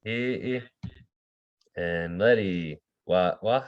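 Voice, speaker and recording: A man's voice: low-pitched, drawn-out words, lo-fi sound. A man teaching an online language class, calling on students by name, repeating words for them and explaining with many fillers and restarts.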